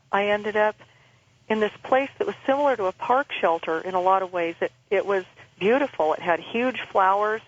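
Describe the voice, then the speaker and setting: A woman speaks over a muffled telephone line in an even, flat voice with little rise and fall. She tells her story earnestly but haltingly, often restarting her sentences. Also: mid-range voice, dry recording. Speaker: radio show guest. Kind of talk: personal testimony over the phone.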